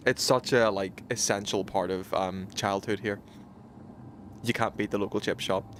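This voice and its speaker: A man's voice: fairly low pitch, fairly even intonation, normal speed, a bit bright, slight background noise. A British man streaming a game, chatting casually with his viewers in a rambling way, full of fillers and restarts. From United Kingdom. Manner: rambling, many fillers and restarts, reacts to chat.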